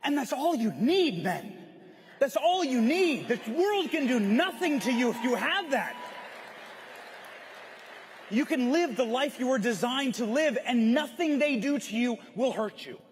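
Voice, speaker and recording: A man with a high, husky voice delivers a fervent, preachy speech from a conference stage, often raising it to a shout. His pitch leaps and dips with feeling, and a long reverb trails each phrase through the large hall. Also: very animated, a little slow, a faint crowd. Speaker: conference speaker. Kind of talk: impassioned rally speech.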